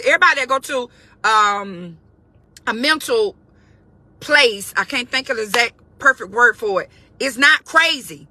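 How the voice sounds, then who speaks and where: Woman, high bright voice, emphatic spiritual pep talk, repeats herself for emphasis. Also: animated, measured pace, no room sound. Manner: emphatic and conversational, repeats key phrases. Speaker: faith-based motivational speaker. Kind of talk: informal spiritual encouragement talk.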